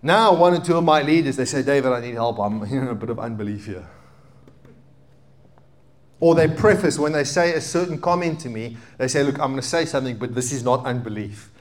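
A pastor in his thirties preaches a sermon in a medium-pitched voice, speaking a little fast. He's animated, swinging from loud, emphatic peaks to quiet asides.

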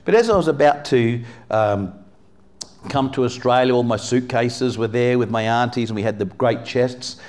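Speaking at a moderate pace in a darkish, medium-pitched voice, an English pastor delivers a sermon in church. He keeps it casual, often saying "you know" and putting questions to his congregation.

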